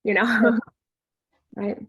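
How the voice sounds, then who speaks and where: A woman leading an online workshop as a spiritual coach, giving gentle advice and often asking "right?". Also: on the high side, level tone, very slow, husky, no room sound, rough recording. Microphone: video call.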